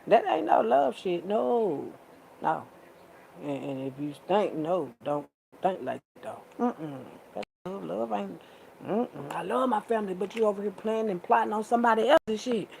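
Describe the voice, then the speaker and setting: A woman's voice: medium pitch, expressive, gravelly, darkish tone, slight background noise, rough recording. A woman, sassy and preachy, calling listeners baby and child. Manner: sassy, preachy, drawn-out with pet names. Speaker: vlogger. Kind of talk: casual monologue to camera.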